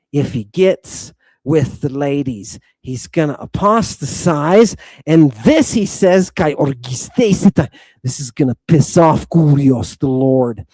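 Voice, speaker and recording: Male host, livestreamed lecture; emphatic, repeats himself, talks at the audience; unhurried delivery. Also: on the high side, warm tone, no room sound, studio quality. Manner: combative, addresses audience directly; emphatic, repeats his points.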